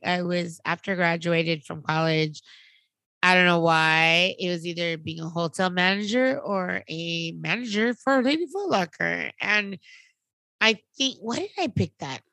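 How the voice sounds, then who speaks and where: A woman in her thirties, podcast co-host, chatting casually and telling an animated story, acting out what others said. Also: on the low side, a little slow, no room sound. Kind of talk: casual chat.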